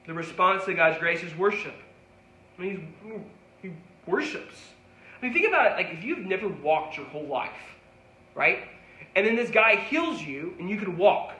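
A man's voice: high-pitched, bright, forceful tone, reverberant, poor audio. A man preaching a sermon as a pastor, conversational and rising to emphatic peaks.

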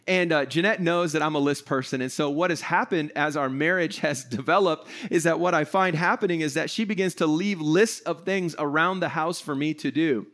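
A man's voice: a little high, normal speed, hardly any pauses, fairly bright tone. A middle-aged man preaching a casual sermon to an online audience, chatty and self-deprecating, acting out little scenes along the way. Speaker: pastor.

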